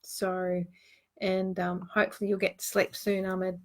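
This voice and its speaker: A woman's voice: mid-range voice, flat delivery, a little slow. Woman giving reassuring card readings. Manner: earnest, reassuring advice with frequent fillers. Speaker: host and tarot card reader. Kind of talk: live online card-reading show.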